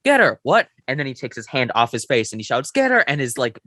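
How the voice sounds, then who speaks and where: A young man co-hosting a podcast, chatting excitedly about a film in a rambling way with lots of fillers. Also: medium pitch, quick pace, dry recording, clean studio sound. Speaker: podcast co-host. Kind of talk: casual film review chat.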